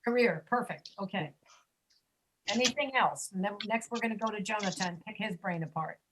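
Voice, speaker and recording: A woman's voice: medium pitch, noisy background. Patient woman drilling pronunciation. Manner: patient, repeats words slowly for drilling. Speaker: ESL pronunciation teacher. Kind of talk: online class instruction. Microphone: video call.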